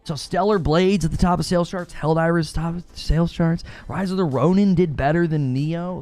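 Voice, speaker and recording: With a fairly high, slightly mellow voice, a man runs a live gaming talk show, commenting as he reads viewers' super chats. He talks at a normal speed with hardly any pauses, frequently laughing and making sarcastic jokes.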